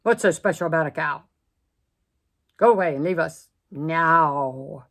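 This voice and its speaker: A woman voicing big, gruff, roaring lions in a children's story, loud and rude. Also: deep voice, drawn-out words, heavily acted.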